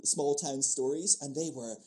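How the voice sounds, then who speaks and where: A man's voice: on the high side, normal speed, dark tone, poor audio. A man in his thirties with a mixed Scottish, English and American accent talks easily as a podcast guest. He tells stories in a loose, chatty way, laughing often and restarting his sentences. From Scotland. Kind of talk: casual conversational storytelling.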